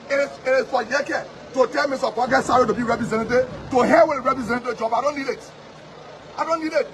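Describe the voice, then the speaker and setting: A Liberian man and politician giving a combative, repetitive street interview outdoors. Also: very high-pitched. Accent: Liberian English. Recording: crowded street with sirens and noise.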